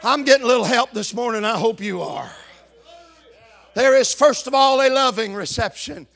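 A man preaching a sermon as pastor, telling stories and building to fervent, shouted preaching. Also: very high voice, expressive, moderate pace, creaky.

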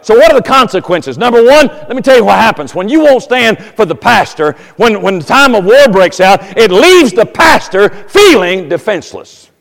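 A pastor preaches in a folksy, storytelling way, his voice sitting high for a man. He builds to loud, emphatic passages, and a long reverb from the church hall trails his words. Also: sing-song, normal speed, gravelly, few pauses. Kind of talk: sermon. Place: church sanctuary.

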